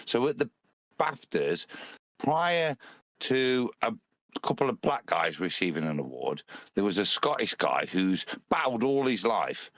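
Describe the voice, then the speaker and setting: A man's voice: fairly low pitch, very animated, unhurried, a bit bright, no room sound, muffled recording. A man from the United Kingdom co-hosting a casual live stream, talking bluntly and crudely with frequent restarts. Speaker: co-host.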